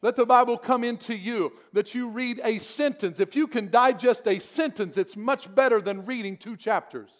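High-pitched man preaching a lively sermon. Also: normal speed, hardly any pauses. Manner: lively preaching, swings between soft prayer and emphatic repetition. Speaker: pastor.

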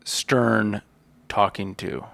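A man's voice: fairly low pitch, fairly even intonation, extremely slow, creaky, a bit bright, no echo. A man in casual chat, making short supportive remarks as co-host. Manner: supportive, brief interjections.

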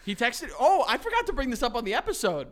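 A man's voice: extremely high pitch, wildly swooping pitch, quick pace, fairly bright tone. A man from Colombia co-hosting a podcast, chatting casually, laughing often and swearing freely. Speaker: podcast co-host. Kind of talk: casual banter.

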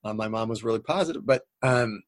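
A man's voice: on the low side, quick pace, no echo. A middle-aged man, a coach and guest on a radio talk show, speaking earnestly and rambling with many fillers. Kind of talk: casual interview chat.

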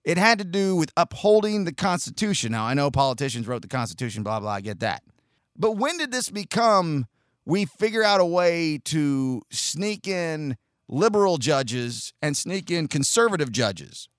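A man's voice: fairly high pitch, sing-song, moderate pace, dry recording, clean studio sound. A man hosting a podcast, giving a rambling, self-deprecating and profane opinion monologue in a casual way. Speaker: podcast host.

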